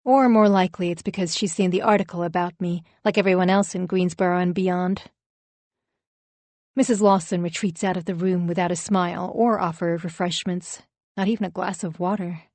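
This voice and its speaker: A woman narrating a first-person thriller audiobook in an even, wry storytelling manner. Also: on the low side, brisk, no room sound.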